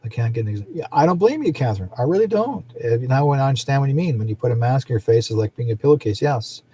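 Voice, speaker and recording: A man's voice: mid-range voice, expressive, fast talker, warm tone, breathy edge. A middle-aged man hosting a psychic show, talking in a rambling, casual way and often laughing. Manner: rambling, chatty, laughs often, acts out quoted people. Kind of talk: casual livestream chat.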